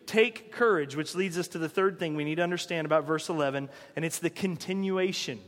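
A man's voice: fairly high pitch, a little fast, hardly any pauses, a bit bright. Guy preaching a sermon, conversational, lots of questions, big hall reverb. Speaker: pastor.

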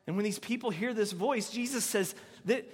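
A man preaching a sermon, earnest and emphatic, moving between loud stresses and hushed lines. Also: high-pitched, normal speed, husky, in a large hall. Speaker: pastor.

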